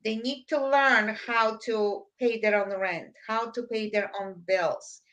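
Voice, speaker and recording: A woman's voice: a little high, steady tone, takes it slowly, a bit bright. A middle-aged woman co-hosting a podcast, giving plain-spoken advice in casual chat. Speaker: podcast co-host.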